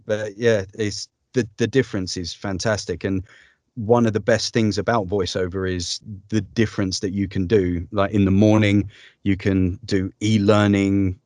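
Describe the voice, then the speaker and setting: Male voice-over artist; lower voice, dry close sound, chatty and upbeat. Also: level tone, normal speed, darkish tone, no echo. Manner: chatty, upbeat, with frequent ums and laughs. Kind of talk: casual interview conversation.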